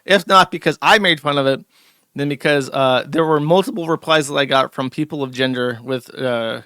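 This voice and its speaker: A man's voice: fairly high pitch, moderate pace, sharp tone, dry recording, studio quality. A man hosting a live stream, talking casually in a mocking, sarcastic way, rambling with plenty of fillers and restarts. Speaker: streamer host.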